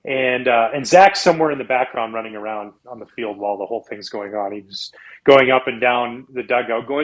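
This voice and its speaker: A middle-aged man from Canada, a guest telling lively stories in a casual interview, acting out quotes in a high voice. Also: brisk, poor audio. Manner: animated storyteller, acts out quotes in a high voice. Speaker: guest, former pitcher.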